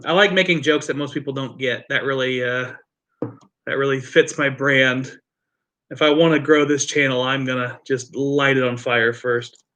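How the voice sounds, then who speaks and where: Bright-voiced joking male livestream host. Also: a little high. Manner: joking, rambling, profane asides. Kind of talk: casual livestream chat.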